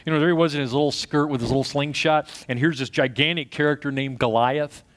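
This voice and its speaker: A middle-aged pastor from Texas preaching a sermon, swinging between loud punchy asides and quiet storytelling. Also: male voice, fairly high pitch, steady tone, quick pace.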